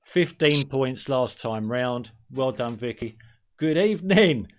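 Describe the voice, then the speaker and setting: Male streamer host, friendly chat, mid pitch, greets chat by name. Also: expressive, slow. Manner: chatty, greets viewers by name. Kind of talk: casual live-stream chat.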